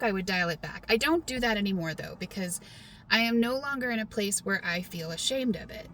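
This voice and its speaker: A woman's voice: medium pitch, moderate pace, pushed and bright, a little hiss or hum. A middle-aged woman from Texas with a mostly neutral American accent and a light Southern twang, chatting to camera in a self-deprecating way. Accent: mostly neutral American, light Southern Texas twang at times. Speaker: vlogger. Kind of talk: casual talk to camera.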